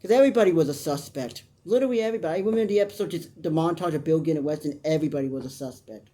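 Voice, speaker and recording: A reviewer recapping a soap opera in an easygoing, rambling way, drifting into tangents and restarting sentences. They give blunt opinions and slip into mock voices for the characters. The voice sits at a middle pitch. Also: very fast, warm tone. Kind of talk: casual recap commentary.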